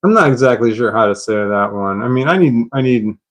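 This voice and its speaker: A man's voice: mid-range voice, expressive, a little fast. A man chatting on a live stream, puzzled and rambling, laughing at himself.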